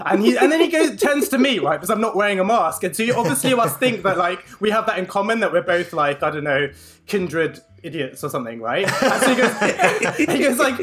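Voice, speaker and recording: A young man telling an anecdote in casual chat, animated and full of fillers. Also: sits high, quick pace. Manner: animated storyteller, many fillers.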